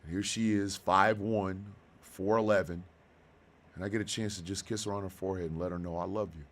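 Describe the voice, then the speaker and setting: A radio host in his fifties gives an emotional monologue about personal loss, speaking slowly and with deep feeling. His heartfelt, halting delivery breaks into bursts of loud excitement.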